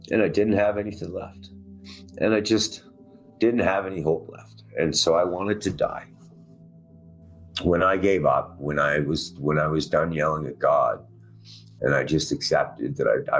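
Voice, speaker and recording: A man telling his own survival story in a raw, intense way, his voice rising and dropping with emotion. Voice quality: very deep husky voice. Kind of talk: emotional first-person storytelling.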